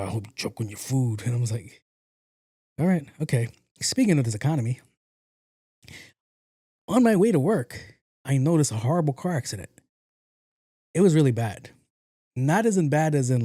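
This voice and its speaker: A man's voice: medium pitch, no echo, studio quality. A man hosting a podcast, telling a story casually, acting out the lines of people in it, with some swearing. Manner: animated, acts out quotes, profane. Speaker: podcast host.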